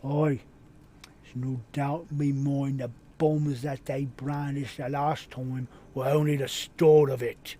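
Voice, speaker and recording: A man voicing a gruff, exasperated pirate commander in a video game, in a put-on rough sailor accent, barking orders. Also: medium pitch, level tone, slow, mellow. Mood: bossy.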